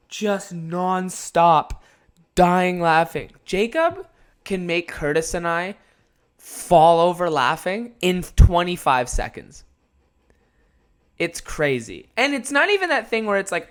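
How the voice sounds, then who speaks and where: Casual young podcast host, rambling and swearing a lot, laughs a lot. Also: male voice, high-pitched. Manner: animated, profane, rambling, laughs often. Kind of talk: casual solo podcast storytelling.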